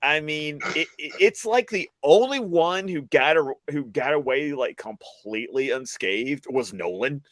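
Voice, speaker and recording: A man ranting as a guest on a video call panel chat, animated and swearing freely. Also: fairly high pitch, a little slow, few pauses, no echo, clean studio sound.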